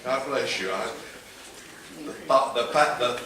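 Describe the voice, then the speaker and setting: A man with an East Tennessee accent teaches a Sunday school class in a church classroom, folksy and joking, chuckling often. His mid-range voice is bright, forceful, and unhurried. The recording is noisy and echoey, with the mic far off.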